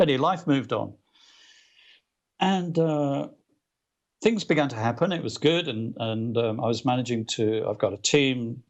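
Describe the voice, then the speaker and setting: A male author as a guest, telling anecdotes in a casual interview, animated, with many restarts and fillers. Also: mid-range voice, vocal fry, dull audio.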